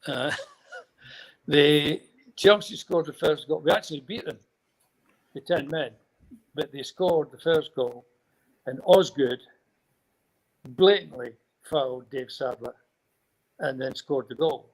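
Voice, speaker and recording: Here an older Scottish man, once a footballer, is a guest spinning rambling anecdotes in a casual storytelling mood, chuckling now and then. His pitch is fairly high, he speaks slowly with frequent pauses, and the recording is rough.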